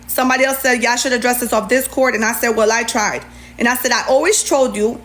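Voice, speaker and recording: A woman's voice: on the high side, a bit bright. Sassy woman ranting on a livestream. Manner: heated, sassy, retelling an argument. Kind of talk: livestream rant.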